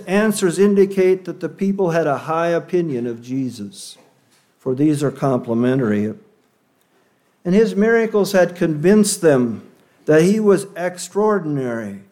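Man preaching a sermon, slow deliberate pace, slightly high voice, earnest, stresses key words. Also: a little mellow.

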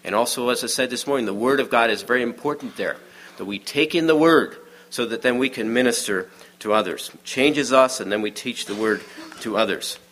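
A man giving a sermon in a conversational, storytelling way, often dropping to a hush for the quiet moments. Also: mid-range voice, fairly quick. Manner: many restarts and fillers, informal aside. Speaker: preacher.

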